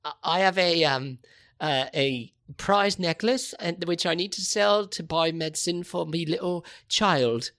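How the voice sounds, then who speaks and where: A man's voice: a little high, a little slow, a bit bright, voice pushed up. A man voicing a poor, naive young woman, with a raised, prim voice and a put-on English accent. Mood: pleading.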